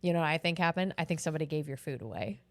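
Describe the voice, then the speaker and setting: Fast lively woman cohost spinning a story, swears a lot, dry close sound. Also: deep voice, dry recording. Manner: animated, acts out quoted voices, swears often. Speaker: podcast co-host. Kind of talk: casual storytelling chat.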